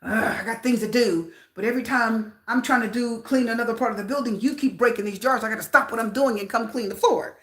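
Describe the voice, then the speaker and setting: A woman quotes an annoyed male floor cleaner in a story. He grumbles bluntly about the mess he has to clean. The voice sits a little high and echoes in the room. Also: fast talker, hardly any pauses, close to an everyday voice. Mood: grumbling. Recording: roomy echo.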